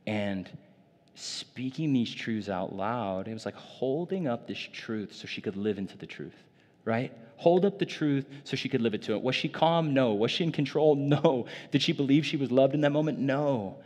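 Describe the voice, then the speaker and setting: A man's voice: mid-range voice, normal speed, darkish tone, in a large hall. A man preaching a sermon in a loose, conversational way, full of casual fillers, in a church. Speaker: pastor.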